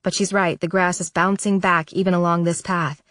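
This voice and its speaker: A woman narrating a novel in the first person, measured, soft and reflective, at a close studio microphone. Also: lowish voice, little pitch movement, no echo. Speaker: audiobook narrator.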